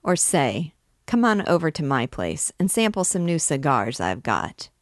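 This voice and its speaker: A woman's voice: low-pitched, big pitch swings, measured pace, no echo, clean studio sound. Woman doing a shifty, wheedling small-town swindler. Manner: confidential, wheedling.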